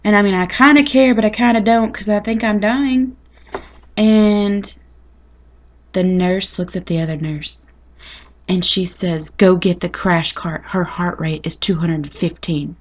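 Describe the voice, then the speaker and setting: A woman's voice: medium pitch, steady tone, unhurried, dull audio. A woman telling a personal story in a chatty, dramatic, folksy way. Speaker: vlogger. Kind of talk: casual storytelling to camera.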